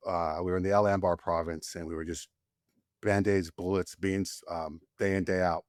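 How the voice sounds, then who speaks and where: A man's voice: sits low, flat delivery, normal speed, no room sound, studio quality. A man in his forties, a Marine combat veteran, tells war stories candidly as a podcast guest, his voice climbing when he relives tense moments. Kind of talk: candid storytelling in casual conversation.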